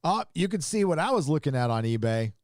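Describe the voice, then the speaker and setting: A man hosting a casual livestream, rambling through his points with frequent restarts and quick reactions to what he shows on screen. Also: fairly high pitch, very animated, no room sound, clean studio sound. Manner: rambling, restarts often, chuckles and reacts to images. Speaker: show host.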